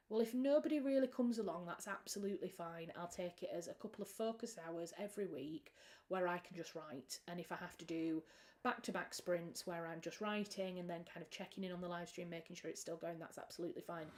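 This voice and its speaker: A woman's voice: lowish voice, a little fast, a little mellow. A British woman, a writer hosting a livestream, chatting casually and rambling with frequent restarts.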